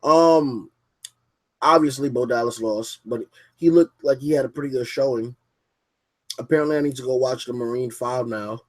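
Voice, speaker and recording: A man's voice: mid-range voice, normal speed. A young man hosting a casual podcast from his basement, rambling and cursing freely as he reviews wrestling and mocks a viewer who left. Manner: profane, rambling, mocking. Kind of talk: casual livestream podcast rant. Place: home basement.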